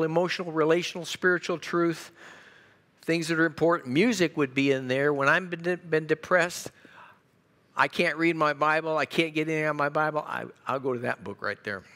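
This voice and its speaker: Middle aged guy teaching a church class, gets animated, asks the room stuff. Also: fairly high pitch. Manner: animated, asks the class questions, acts out quotes.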